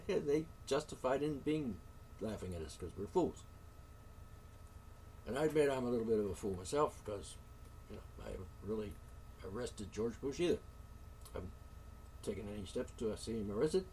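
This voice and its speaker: A man's voice: on the low side, lively intonation, normal speed, pauses often, warm tone, recorded from a distance, slight background noise. A man hosting a solo talk show, ranting indignantly with curses, sighs and sarcastic asides. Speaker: show host.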